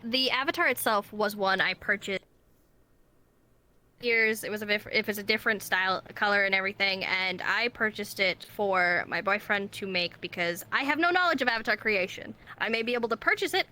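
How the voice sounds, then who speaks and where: A woman's voice: mid-range voice, fairly quick, pushed and bright. A woman who streams, a guest in a casual interview, talking candidly and explaining at length.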